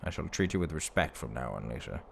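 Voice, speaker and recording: A man's voice: a bass voice, expressive, fast, gravelly, a little hiss or hum. A man doing playful let's play commentary, reading game text aloud and laughing at himself, close to the mic. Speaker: gaming YouTuber. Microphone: mic in front of face. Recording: game music behind.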